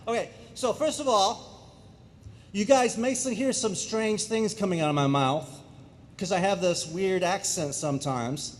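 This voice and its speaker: A middle-aged man from England giving an animated talk to an audience in a school hall, joking and asking them questions. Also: high voice, measured pace, a little hiss or hum. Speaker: speaker. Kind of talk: energetic public talk. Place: school auditorium.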